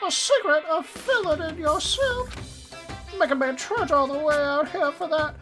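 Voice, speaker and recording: A man voicing a sneering male cartoon bear mascot, reading video game dialogue in a shrill, mocking, exasperated voice. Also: moderate pace, music in the background, rough recording. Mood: irritated.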